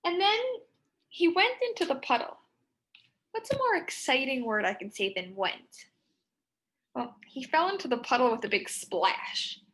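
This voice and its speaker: A young woman teaching a writing lesson to children, reading her story aloud in an expressive, sing-song way. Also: high voice, a little slow, pauses often.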